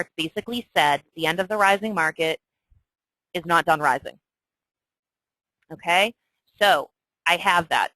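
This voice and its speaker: A chatty woman walks through a trading chart, her lowish voice bright and forceful. She is emphatic and keeps checking in with her listeners. The sound is dry, with no room around it. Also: dry recording, poor audio. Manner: chatty, emphatic, often asks "okay?". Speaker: trading instructor. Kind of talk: screen-share trading tutorial.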